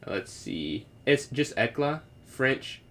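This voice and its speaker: A young man solving chess puzzles live, thinking aloud and answering chat, sometimes trying out halting beginner French. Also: mid-range voice, very animated, a bit bright. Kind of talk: casual live-stream commentary.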